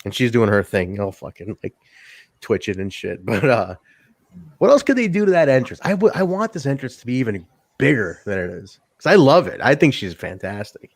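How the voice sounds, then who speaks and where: A man co-hosting a casual wrestling review podcast, animated and profane, laughing often. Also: medium pitch, fairly quick, no room sound. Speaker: podcast co-host.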